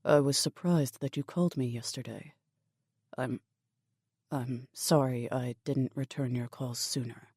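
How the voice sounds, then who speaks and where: A woman voicing a brooding, powerful male crime boss in an audiobook, speaking to his lover in low, hesitant, tender lines. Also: fairly even intonation, measured pace, darkish tone, husky, no echo, studio quality, heavily acted. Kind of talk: audiobook character dialogue.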